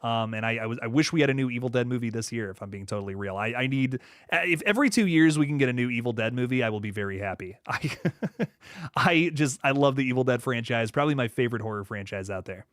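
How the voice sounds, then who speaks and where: A young man hosting a horror livestream, chatting casually and reading viewer comments aloud, often laughing and dropping into low asides. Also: fast, fairly bright tone, no room sound, studio quality. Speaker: horror channel host reading live chat.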